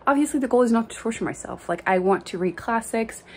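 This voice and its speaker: A woman's voice: a little high, expressive, fast, darkish tone, husky. A woman with a French Canadian accent, a native French speaker, chatting casually and venting in a book vlog, with frequent laughs and fillers. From Quebec, Canada. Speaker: book vlogger.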